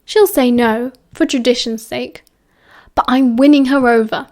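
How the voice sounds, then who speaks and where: Woman voicing a teenage schoolboy wizard, British accent, cheerful, teasing, breezy, slightly high. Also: steady tone, unhurried, a little mellow, lightly acted. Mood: cheery teasing.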